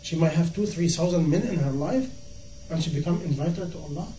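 Impassioned high-voiced preacher in echoey room. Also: male voice, brisk, dark tone. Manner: impassioned, rhetorical questions, acts out dialogue. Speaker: Islamic preacher. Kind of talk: sermon. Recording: echoey room, from far off, faint noise.

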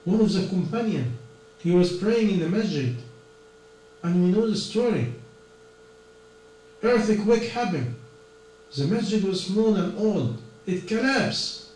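High-voiced preacher in an echoey hall. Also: male voice, expressive, takes it slowly, pauses often, darkish tone. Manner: earnest, non-native English with plain grammar slips. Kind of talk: sermon. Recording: echoey distant room recording with mains hum.

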